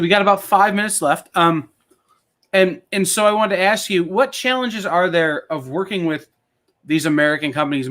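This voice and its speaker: A man hosting a streamed convention interview, with a voice a little higher than most men's. He keeps his replies short and agreeable. He asks his questions plainly and directly. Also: sharp tone. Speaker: convention host interviewing a guest.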